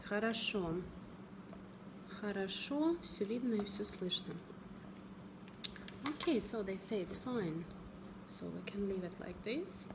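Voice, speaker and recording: A woman with a Russian accent, an English teacher hosting a live-stream interview and firing quick questions at the audience and guest. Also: mid-range voice, expressive, noisy background.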